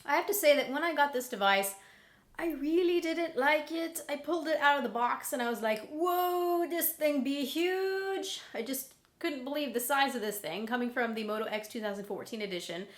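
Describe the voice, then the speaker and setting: A woman's voice: fairly high pitch, quick pace, hardly any pauses, a bit bright. Chatty woman reviewing a phone, voice still worn from laryngitis. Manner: chatty, candid, conversational. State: recovering from laryngitis. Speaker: tech reviewer. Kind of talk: casual product review.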